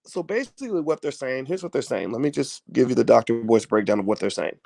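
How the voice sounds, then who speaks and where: A man's voice: mid-range voice, lively intonation, fast talker, creaky, a little mellow, no echo. A man giving casual livestream finance commentary, folksy and preachy, with everyday analogies and repeated phrases for emphasis.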